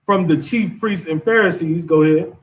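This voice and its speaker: A man's voice: a little high, moderate pace. Male class leader, punchy street-casual preaching, recorded at a distance. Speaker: class teacher. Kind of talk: scripture class discussion.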